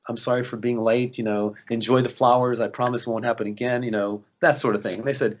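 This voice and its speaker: A man's voice: mid-range voice, fast, hardly any pauses, dull audio. A man, an actor guest, telling anecdotes in a casual interview and acting out the voices of people he quotes. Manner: animated, acts out quoted voices.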